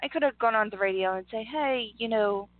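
A woman's voice: a little high, a little fast, no echo, phone-quality sound. A woman from Northeast Philadelphia with a Philly accent, co-hosting a radio show in candid, easy chat. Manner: candid, laughs easily. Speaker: radio co-host. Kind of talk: casual chat.

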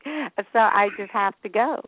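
A woman radio host interviewing a guest by phone, gushing and halting as she talks. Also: medium pitch, a little hiss or hum. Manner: gushing, halting, laughs often. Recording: tinny phone line.

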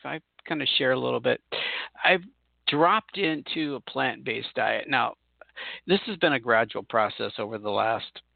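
A middle-aged man chats on his own podcast in a rambling, folksy way, often stopping to correct himself. His voice has a gravelly fry to it. The sound is dry and thin, like a phone line. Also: medium pitch, no echo. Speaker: podcast host and spirit channeler. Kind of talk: casual solo podcast monologue.

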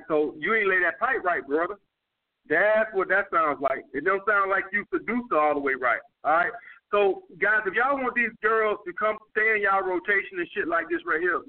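Over tinny, phone-like audio, a high-pitched man with a New York accent coaches people on dating, responding to viewer questions with blunt, profane advice delivered in casual street talk.

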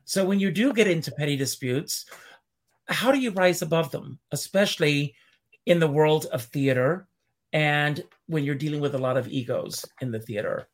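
A man hosting a casual chat-show interview, animated and speaking directly to his audience. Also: a little high, moderate pace. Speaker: host.

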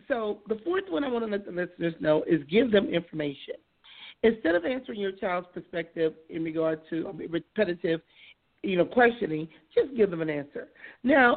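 A hoarse woman hosting a casual talk show, chatty and quick to laugh, often saying things twice. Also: fairly low pitch. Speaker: radio show host. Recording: tinny phone-like sound.

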